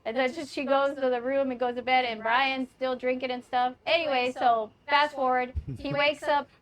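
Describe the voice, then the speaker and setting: A young woman with a slightly high voice tells a wild party story in loose, casual chat. She curses freely, breaks into laughter and acts out everyone she quotes. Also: level tone, normal speed, crowd noise. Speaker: podcast co-host telling a story.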